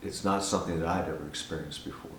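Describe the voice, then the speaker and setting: An older man earnestly telling a personal testimony in a casual, animated way, often repeating words as he goes. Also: deep voice, fast, slight background noise. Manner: earnest, animated storyteller who repeats himself. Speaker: guest giving a testimony. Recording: roomy sound from a distance.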